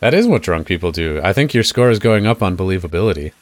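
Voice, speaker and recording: A man narrating as game master of a tabletop game, talking in a relaxed, rambling way with many fillers. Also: deep voice, quick pace, no room sound.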